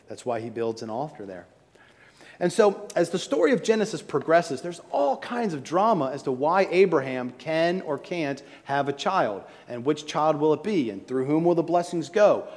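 A man delivering a sermon, building to emphatic high points and then dropping quiet and low. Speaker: preacher. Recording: long reverb of a large hall.

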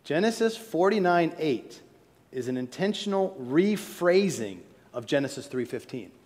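A man delivering a sermon, building to emphatic high points and then dropping quiet and low. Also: very animated, unhurried. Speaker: preacher. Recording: long reverb of a large hall.

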